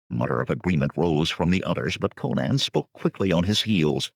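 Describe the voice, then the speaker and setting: A man's voice: low voice, big pitch swings, normal speed, creaky, breathy edge, no echo. A man reading an adventure novel aloud as an audiobook narrator. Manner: swells to loud rallying shouts for dialogue. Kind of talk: dramatic audiobook narration with character voices. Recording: dry restored studio recording.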